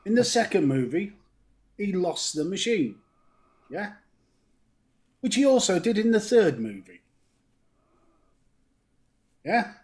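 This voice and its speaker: A man co-hosts a live stream in casual banter. He talks slowly and deliberately, with a high, lively voice that swoops up and down, and he drives his points home with dry rhetorical questions. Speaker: co-host.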